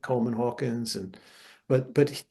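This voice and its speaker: Older man telling gravelly, animated stories. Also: medium pitch, moderate pace. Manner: animated anecdotes, acts out voices. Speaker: guest jazz guitarist. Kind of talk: storytelling interview.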